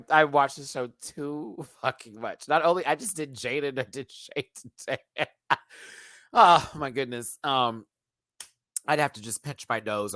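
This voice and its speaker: A man's voice: fairly high pitch, no echo. A man giving a live reaction review of a reality show, laughing often and breaking into impressions. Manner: animated, laughing, doing impressions.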